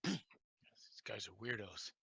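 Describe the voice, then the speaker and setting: A man's voice: fairly low pitch, sing-song, measured pace, creaky, bright, forceful tone, slight background noise. Wry man muttering asides off-mic. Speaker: player. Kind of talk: casual table chat.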